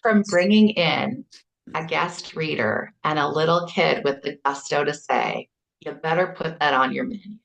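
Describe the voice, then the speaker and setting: A middle-aged Canadian woman with a Canadian accent and a low, gravelly voice with plenty of fry. She speaks as an earnest kindergarten teacher in a conversational interview. She tells stories with warmth and acts out the quotes in them. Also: unhurried. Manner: earnest, storytelling, acts out quotes with lively animation. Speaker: kindergarten teacher and author, guest.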